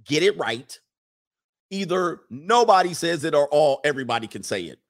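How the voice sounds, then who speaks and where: A man's voice: fairly high pitch, expressive, moderate pace, fairly bright tone. A man hosting a casual livestream, reading chat comments and giving emphatic opinions, often repeating phrases for effect.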